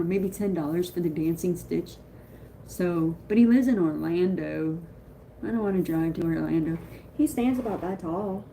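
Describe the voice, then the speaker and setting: A woman chatting on a live stream in a rambling, excitable way, greeting viewers as she talks. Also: lowish voice, a little hiss or hum. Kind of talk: casual live-stream chat.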